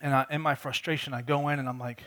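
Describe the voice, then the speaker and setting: A man's voice: medium pitch, fairly even intonation, quick pace, fairly bright tone. A man preaching a conversational sermon, telling a personal story earnestly and often repeating words as he restarts his sentences. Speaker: pastor.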